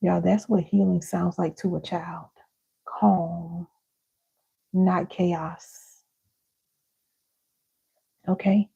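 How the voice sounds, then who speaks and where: Woman, live teaching, slow, gravelly, repeats key lines, calls listeners y'all. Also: on the low side, flat delivery, dark tone, dull audio. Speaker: parenting and healing teacher.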